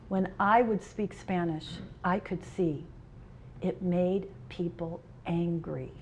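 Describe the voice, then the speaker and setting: A middle-aged woman, a union president, giving a conference speech. She tells humorous personal stories with shifts between loud and soft. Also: fairly low pitch, slight background noise. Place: conference hall.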